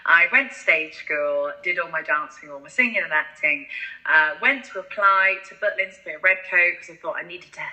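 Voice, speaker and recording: A woman with a deep voice, telling animated stories as a podcast guest. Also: normal speed, poor audio. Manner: animated, acts out voices in anecdotes. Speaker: guest singer-songwriter. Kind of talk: casual interview storytelling.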